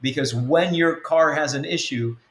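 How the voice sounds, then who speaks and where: A man's voice: a little high, normal speed, fairly bright tone. Man teaching in a roomy echo. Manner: rambling, fills with um and uh, acts out quoted dialogue. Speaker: spiritual coach and mentor. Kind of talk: conversational teaching on a web-church show.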